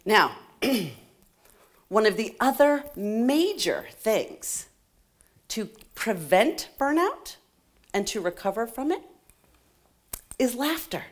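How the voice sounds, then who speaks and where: A middle-aged woman giving a playful, animated motivational talk to a live conference audience, laughing often and joking with the crowd. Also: a little high, takes it slowly, pauses often. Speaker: conference speaker. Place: conference hall stage.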